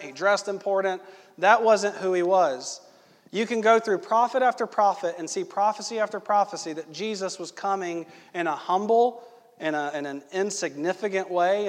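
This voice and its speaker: A young man preaching a sermon, conversational and quick to ask the congregation questions. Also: sits high. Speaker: pastor. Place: church hall. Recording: echoey church hall.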